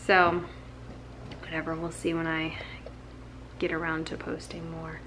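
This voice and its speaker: A woman's voice: low-pitched, completely flat delivery, unhurried, a bit bright, a little hiss or hum, rough recording. A woman vlogger wrapping up a casual video, rambling and a little self-deprecating as she signs off. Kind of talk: casual vlog sign-off.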